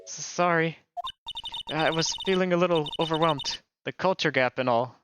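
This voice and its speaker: A man's voice: a little high, normal speed, close to an everyday voice. A man voicing a timid, apologetic young woman in a slightly raised voice, with game music underneath. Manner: meek, apologetic.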